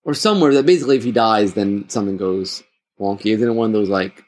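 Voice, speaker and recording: A man's voice: lowish voice, quick pace, a little mellow, a little hiss or hum. A man co-hosting a casual chat, joking and acting out mock quotes. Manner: playful, acts out mock quotes. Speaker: podcast co-host.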